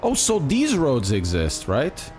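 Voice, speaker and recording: Lively swearing Portuguese streamer man. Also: mid-range voice, slow pace, soft background music. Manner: chatty, swears often, talks to chat. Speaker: sim racing streamer. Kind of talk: live-stream commentary while gaming.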